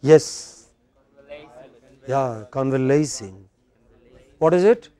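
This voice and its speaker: A man's voice: on the high side, a little slow, darkish tone. Indian man teaching pronunciation drills. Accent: Indian English. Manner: quizzing students, repeating words for drill. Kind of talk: classroom lecture. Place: classroom.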